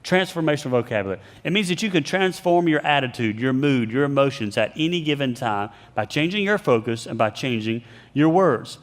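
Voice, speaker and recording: In a large hall, this man's mid-range, fairly quick voice carries a motivational leadership talk that draws on scripture. He tells stories with animation, acting out the people he quotes.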